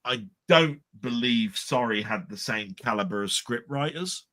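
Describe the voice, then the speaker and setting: A middle-aged Englishman co-hosts a podcast, rambling casually about old comedy and doing lively impressions of comedians. His voice sits at medium pitch and moves a little slowly, recorded dry on a live stream mic.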